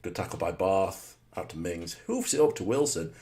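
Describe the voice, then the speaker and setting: Speaking in a low voice at a normal speed with few pauses, a man narrates his own football game live. He mutters rhetorical asides to himself and now and then bursts into excited shouts.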